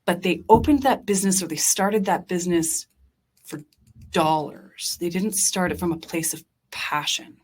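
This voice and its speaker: A woman's voice: fairly low pitch, moderate pace, slightly rough. A young adult woman, a diner owner and chef, talking earnestly and passionately as a podcast guest, with many fillers and restarts. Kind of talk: casual interview chat.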